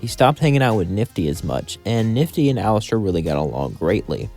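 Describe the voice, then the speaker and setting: A man's voice: lowish voice, sing-song, brisk, a little mellow. A man telling a fan-fiction story in run-on narration, stringing events together and quoting the characters' lines. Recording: faint music underneath.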